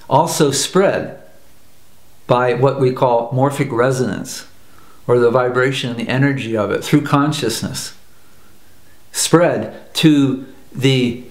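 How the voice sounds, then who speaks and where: A man from the United States telling a story in an earnest talk, repeating phrases for emphasis. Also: medium pitch. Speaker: personal growth teacher. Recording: roomy echo.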